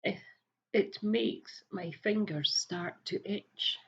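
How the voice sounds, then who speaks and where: A woman reading the lines of a greedy lanky male thief in a storybook, slow and breathy, over a dull lo-fi recording. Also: mid-range voice.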